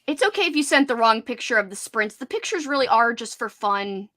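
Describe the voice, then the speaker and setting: A young woman from Louisiana with a light Cajun accent, hosting a casual livestream chat, excitable and giggly with many filler words. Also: a little high, a little fast, very noisy. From Louisiana, United States. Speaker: livestream host.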